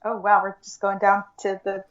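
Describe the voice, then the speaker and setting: A woman's voice: mid-range voice, monotone, normal speed, muffled recording. A woman speaking as an interview guest, talking earnestly in a casual way with many fillers like "like" and "um". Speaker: guest, akashic records reader and teacher.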